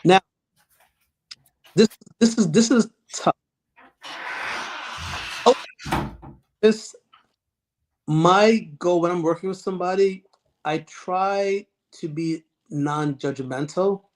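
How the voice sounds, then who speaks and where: A middle-aged man psychiatrist answering interview questions, earnest and halting, with frequent restarts and fillers. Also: high voice, slight background noise. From United States. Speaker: child and adolescent psychiatrist, guest.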